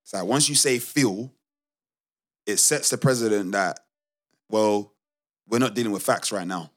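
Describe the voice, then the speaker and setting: A man's voice: lowish voice, a little slow. A man co-hosting a casual podcast, telling a story emphatically with lots of restarts. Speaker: podcast co-host.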